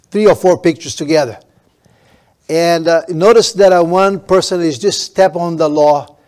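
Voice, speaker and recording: Slightly high-pitched yet a little mellow, the male preacher's voice carries an emphatic sermon full of drawn-out stresses and repeated restarts.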